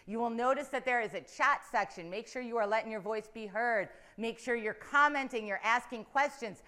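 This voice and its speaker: Female emcee, slightly high voice, playful and chatty, works the crowd at a live event. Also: normal speed, pushed and bright.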